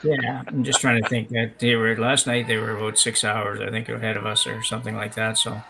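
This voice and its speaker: A man calling a curling game with relaxed, rambling chat, often correcting himself. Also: lowish voice, brisk, creaky, noisy background. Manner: chatty, rambling, self-correcting. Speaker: curling commentator. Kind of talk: live sports commentary, casual chat. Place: curling club, indoors.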